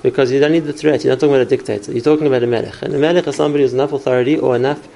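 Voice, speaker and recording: A man's voice: medium pitch, steady tone, very fast, vocal fry, mellow, slight background noise, low-quality recording. A man teaching a class on parenting, explaining through stories and examples and answering questions.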